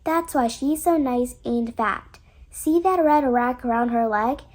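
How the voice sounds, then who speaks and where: A woman voicing a fussy, protective mother duck in a storybook reading, brisk and scolding. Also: on the high side, darkish tone. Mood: urging.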